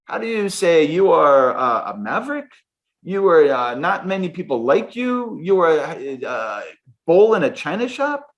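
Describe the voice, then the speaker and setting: A man imitating his former Swiss German boss, speaking halting English with a German accent. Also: a little high, sing-song, dull audio, voice pushed up. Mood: blunt. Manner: groping for words in a German accent.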